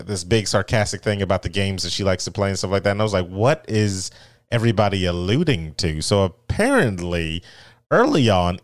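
Low, smooth-voiced man chatting. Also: no echo. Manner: laid-back, rambling, reads out an article. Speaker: podcast co-host. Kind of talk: casual chat.

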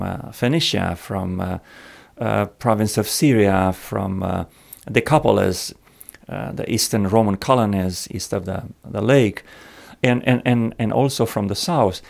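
A man talking slowly and reflectively about a Bible passage, pausing often with fillers. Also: lowish voice, gravelly, a little mellow. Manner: slow and reflective, many pauses and fillers. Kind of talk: Bible study discussion.

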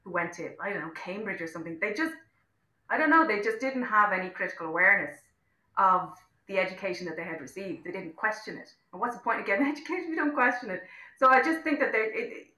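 A woman's voice: mid-range voice, animated, fast, pushed and bright, echoey room, low-quality recording. An Irish woman talking as an interview guest, outspoken and impassioned, often restarting her sentences. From Ireland. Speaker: interview guest, actor-director. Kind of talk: casual interview chat.

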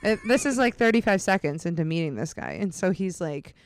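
A woman telling a raunchy travel story in casual podcast chat, animated and laughing, acting out voices. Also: lowish voice, fairly quick, slight background noise. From New York State, US. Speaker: guest storyteller.

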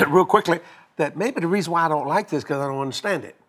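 An older man casually telling a long story, animated and laughing as he acts out both sides of a conversation. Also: on the high side, quick pace. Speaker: guest telling a marriage story.

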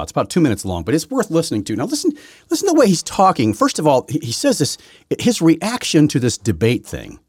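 A man hosting his own podcast from his basement, rambling through a political rant that swings from loud outbursts to low muttering, with many restarts. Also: husky, dry recording, studio quality. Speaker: podcast host. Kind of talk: solo political commentary rant. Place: home basement.

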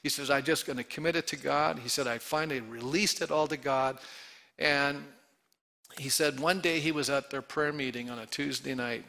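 A middle-aged man preaching a sermon with a gravelly, bright edge to his voice. He throws questions at the congregation and swings between loud emphatic calls and quiet, hushed storytelling. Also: medium pitch, steady tone, normal speed. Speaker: pastor.

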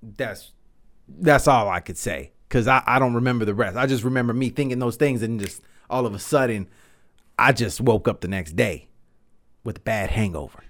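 A man in his thirties hosting a podcast, telling a story in a rambling, animated way and swearing freely. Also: mid-range voice, normal speed. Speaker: podcast host. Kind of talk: casual storytelling monologue.

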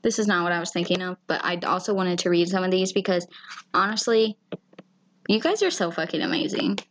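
A woman's voice: fairly low pitch, brisk, slight background noise. A woman co-hosting a casual podcast, talking candidly and emotionally and swearing freely. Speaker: podcast co-host. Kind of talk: casual chat.

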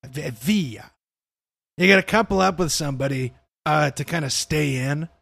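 A young man with a slightly high, gravelly voice, chatting loosely on a podcast. He talks in a relaxed, rambling way, swears freely and keeps saying "dude". The sound is dry and close, with no room around it. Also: normal speed, no echo. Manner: laid-back, swears a lot, says "dude". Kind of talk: casual chat.

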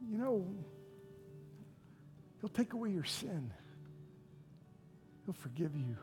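A pastor preaching a sermon and giving an altar invitation, swinging from loud pleading to hushed, near-whispered lines. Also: mid-range voice. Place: church sanctuary with live congregation. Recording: long hall reverb with faint music.

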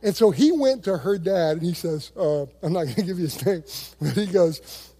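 A man preaching a sermon as pastor, telling stories with many restarts and quick impressions of other people. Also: high-pitched, husky. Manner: animated storytelling with repeated restarts; imitates other voices in quotes.

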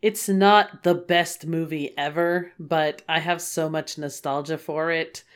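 A middle-aged woman co-hosting a podcast in relaxed, casual chat, laughing often. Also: low voice, unhurried, clear, resonant tone. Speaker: podcast co-host.

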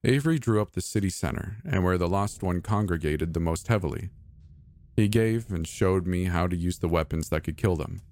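A man narrating a scripted horror story in a soft, measured, even reading. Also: deep voice, no room sound. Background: faint music.

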